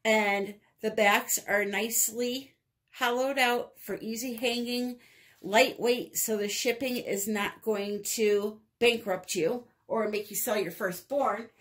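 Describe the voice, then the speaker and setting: A woman with a light New England accent talks viewers through a resin art project. Her delivery is slow and unhurried, chatty and upbeat, and she laughs easily at herself. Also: fairly high pitch, steady tone, fairly bright tone. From northeastern United States. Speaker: resin art channel host. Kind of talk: casual craft tutorial.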